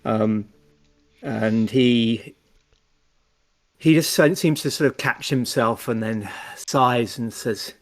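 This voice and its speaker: Gravelly man narrating his game character. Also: mid-range voice, slow pace, pauses often. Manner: rambling, with many fillers and restarts. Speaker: tabletop game player.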